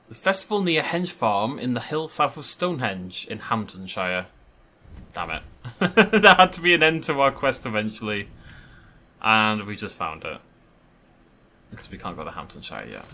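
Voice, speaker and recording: A man talks over his game in a chatty, excitable way, his voice swinging all over the place. The tone is bright and forward. He drops the odd casual swear along the way. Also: mid-range voice, slight background noise. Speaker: let's play host. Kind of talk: casual gameplay commentary.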